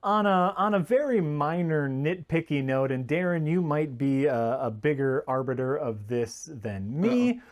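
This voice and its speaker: A man co-hosting a film podcast, talking in a measured, hesitant way with frequent pauses, dryly critical. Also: fairly high pitch, expressive. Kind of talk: casual podcast chat.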